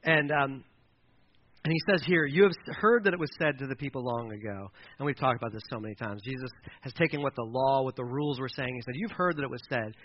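A man preaching a casual sermon, chatty and loose, with plenty of everyday fillers. His voice sits a little high for a man. The recording is dull and lo-fi, with a faint hiss behind him. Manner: conversational, acts out quoted voices, fillers like "kinda" and "like".

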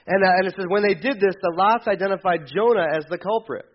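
A pastor preaching a sermon with animated storytelling, acting out the quoted lines himself. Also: male voice, high voice, quick pace, few pauses, lo-fi sound.

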